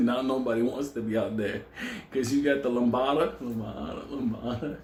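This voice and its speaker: A man telling a profane, animated story in casual vlog style, laughing often and acting out quotes. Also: medium pitch, moderate pace, echoey room, slight background noise. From New York City. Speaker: storyteller vlogger.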